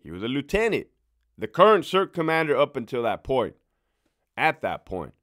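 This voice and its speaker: A man's voice: mid-range voice, moderate pace. A man and former prison officer telling a casual, profane story, laughing as he goes. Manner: animated, profane, laughing as he tells it.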